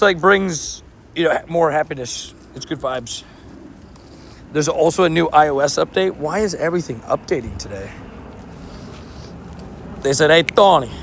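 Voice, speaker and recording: A man's voice: fairly high pitch, creaky, fairly bright tone, slight background noise. A young man chatting casually and cheerfully on a live stream outdoors, laughing often and restarting sentences. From not from New York. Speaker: livestreamer playing a mobile game outdoors.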